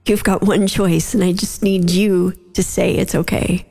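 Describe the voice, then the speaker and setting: A woman's voice: mid-range voice, steady tone, measured pace, gravelly, warm tone. A woman recounting a personal story in conversation, emotional and holding back tears.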